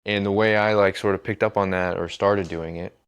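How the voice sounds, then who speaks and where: A man's voice: fairly low pitch, fairly quick, smooth, dull audio. A man hosting a podcast, chatting casually, telling stories and swearing freely. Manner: swears freely and tells stories with relaxed energy. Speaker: podcast host.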